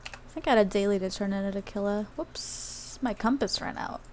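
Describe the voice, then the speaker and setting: Gaming live on stream, a woman from Australia talks in a loose, rambling style packed with fillers and side comments. Her voice is medium in pitch and a little mellow, and she speaks fairly quickly. There's a little hiss or hum in the audio.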